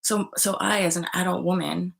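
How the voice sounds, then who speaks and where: Candid woman livestreaming, sudden loud outbursts. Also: on the low side, steady tone, moderate pace, gravelly. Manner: candid, swears freely, reads out viewer comments; loud outbursts when retelling events. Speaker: livestream host reading tarot. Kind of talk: casual livestream chat.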